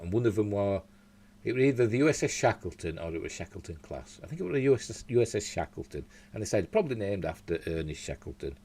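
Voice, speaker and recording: Speaking from a room at home, a news show host with a Yorkshire accent reads articles and chats loosely, with digressions and slips along the way. His voice is low and warm, slightly rough.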